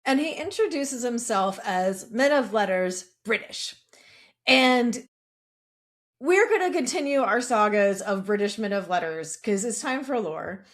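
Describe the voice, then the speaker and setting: A woman's voice: a little high, lively intonation, a little slow. A middle-aged woman co-hosting a podcast, chatting casually and reading a history segment, with jokey asides and casual swearing. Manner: swears casually, jokes about herself. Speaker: podcast co-host. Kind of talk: casual chat and read lore segment.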